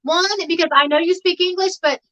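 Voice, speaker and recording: A woman's voice: very high-pitched, fairly even intonation, a little fast, sharp tone. A woman talking casually as a guest on a home livestream, rambling and laughing often over a video call. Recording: dull lo-fi stream audio.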